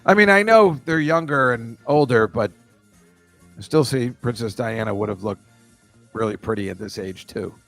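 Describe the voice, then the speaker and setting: A man hosts a loose, casual chat at a mid-range pitch, wandering through his thoughts. He stops and restarts often and leans on plenty of fillers. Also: gravelly, a bit bright, soft background music. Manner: rambling, halting, full of fillers. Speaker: podcast host.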